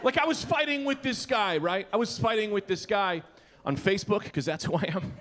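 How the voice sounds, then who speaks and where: A man in his thirties doing a stand-up comedy set, animated and shouting his punchlines. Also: sits high, a little fast. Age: 30s. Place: comedy club. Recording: live club with crowd laughter. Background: audience laughter.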